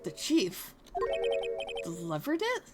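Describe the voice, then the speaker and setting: A woman voicing a calm young male defense attorney with measured, dry questioning. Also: fairly low pitch, over loud music, voice pushed down, full character voice.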